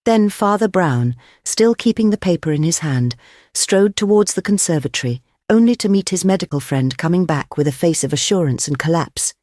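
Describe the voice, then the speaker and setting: An audiobook narrator reading a classic detective story in a measured storytelling manner, on a close mic. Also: mid-range voice, lively intonation, a little mellow, no echo. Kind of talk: scripted narration.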